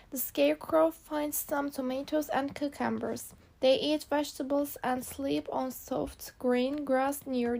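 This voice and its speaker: A woman with a high voice and a gravelly edge reads a storybook for language learners. She takes each short, simple sentence plainly and carefully, one at a time. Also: darkish tone. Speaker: narrator. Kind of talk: graded reader narration for learners.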